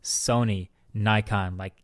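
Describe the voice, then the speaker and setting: A man co-hosting a podcast in casual chat, animated and playful, telling stories with mock exclamations, in a hotel room. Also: lowish voice, takes it slowly. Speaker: podcast co-host.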